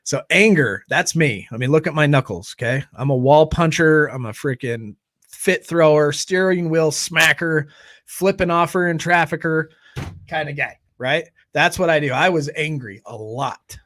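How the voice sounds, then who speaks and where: A man hosting a live recovery stream in a loose, joking, animated way. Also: on the high side, moderate pace, no room sound, studio quality. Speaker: host. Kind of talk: casual live-stream chat.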